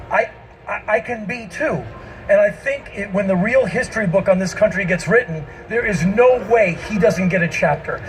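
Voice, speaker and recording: Emphatic high-voiced man in his fifties. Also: noisy background. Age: 50s. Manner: emphatic, bursts into shouting, mimics people. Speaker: spoken-word performer. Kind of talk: stand-up storytelling. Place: outdoor festival stage.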